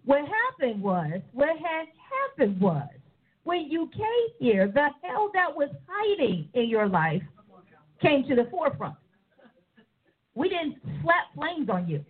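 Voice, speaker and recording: A woman preaching a sermon with animated delivery. She slips into other people's voices to act them out. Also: high-pitched, slow. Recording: tinny phone-like sound.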